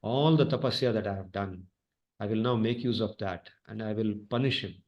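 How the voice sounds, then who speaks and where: A man's voice: lowish voice, fairly quick, darkish tone, lo-fi sound, lightly acted. A man voicing an angry young sage's son. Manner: vowing vengeance.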